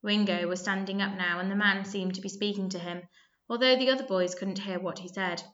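Bright-voiced woman reading a story. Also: medium pitch, a little fast, muffled recording. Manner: lively, expressive, with small slips and restarts. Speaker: narrator.

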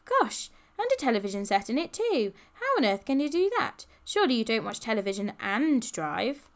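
An excitable, gushing schoolgirl from another era, all high, bright chatter , voiced by a woman reading a storybook. She speaks in a clipped, old-fashioned posh manner and sounds breathless with delight. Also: a little fast.

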